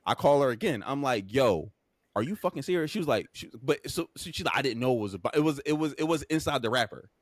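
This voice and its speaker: A man's voice: medium pitch, animated, fast, few pauses, dry recording, clean studio sound. A young man co-hosting a podcast, telling a story with frequent profanity and emphatic delivery. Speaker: podcast co-host.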